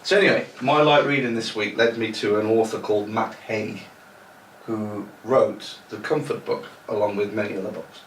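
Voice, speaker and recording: A man's voice: fairly low pitch, steady tone, normal speed. Bunged-up man in echoey room. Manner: laid-back, laughs easily, reads passages aloud. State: bunged up with a cold. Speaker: podcast co-host. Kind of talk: casual chat. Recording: echoey room, distant mic, faint noise.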